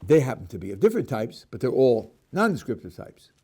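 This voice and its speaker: A man's voice: medium pitch, very animated, fairly quick, dark tone, slightly rough. A middle-aged man, a rabbi, giving a lecture on prayer, explaining step by step, asking his students questions and often restarting words. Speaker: rabbi teaching a class.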